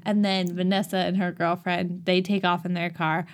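A young woman co-hosting a podcast, giving a casual, animated movie recap that turns giggly and exasperated. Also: lowish voice, moderate pace. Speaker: podcast co-host.

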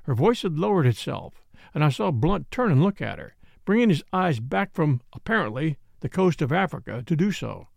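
Man reading a novel out loud, gravelly voice, lively pitch, dry close sound. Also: dry recording. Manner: measured, expressive reading. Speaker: audiobook reader. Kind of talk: scripted narration.

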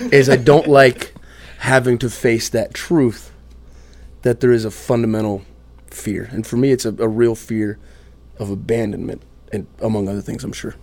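A man, a musician guest on a podcast, telling a candid personal story in an animated, self-deprecating way with quick asides. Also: medium pitch.

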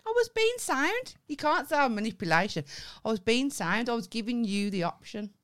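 A woman whose voice is a little high speaks at a moderate pace while co-hosting a podcast. Chatting casually, she tells an animated story, swearing freely and voicing the dialogue herself.

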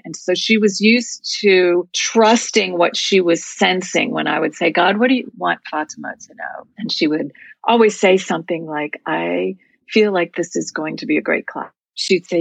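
A woman's voice: fairly low pitch, creaky, breathy edge, no room sound. A woman guest in an interview telling a story in an earnest, heartfelt way.

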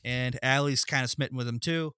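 A man's voice: mid-range voice, fairly even intonation, fairly quick, sharp tone, clear, resonant tone, no echo, clean studio sound. A man co-hosting a podcast, retelling a film plot with sardonic, profane asides. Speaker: podcast co-host recapping a film. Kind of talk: casual storytelling recap.

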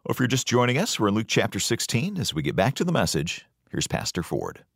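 Deep dry radio host guy reading promo, lively pitch. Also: fast talker, no room sound. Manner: smooth scripted announcer delivery. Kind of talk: radio announcement.

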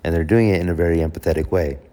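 Low-voiced man giving casual advice. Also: racing, dark tone. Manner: conversational, self-correcting, acts out example dialogue. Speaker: host.

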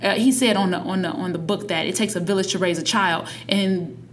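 A woman in her thirties, a parent, chatting casually on a podcast and telling a family story with lively acted-out quotes. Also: mid-range voice, fairly quick, slight background noise. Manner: animated storytelling, acts out quotes. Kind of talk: casual conversation.

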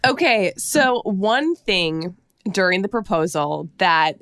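A woman from Minnesota hosting a podcast, chatting in a lively, giggly way with her guests. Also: mid-range voice, slow, dry recording, clean studio sound. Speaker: podcast host. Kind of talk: casual chat interview.

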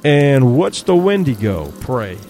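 A man's voice: medium pitch, very animated, takes it slowly, dark tone, faint music behind. A man voicing a nervous younger male hunter who stammers and speaks sharply.

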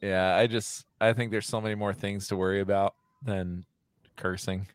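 A man in his thirties in casual podcast chat, animated and laughing, swearing freely. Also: on the low side, normal speed, clean tone, dry recording.

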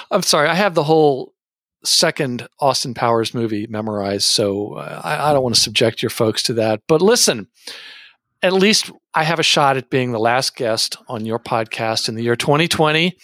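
A man's voice: mid-range voice, expressive, moderate pace, fairly bright tone, no room sound, clean studio sound. A man hosting a podcast, chatting with a guest in a jokey, upbeat way. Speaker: podcast host. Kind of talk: casual podcast chat.

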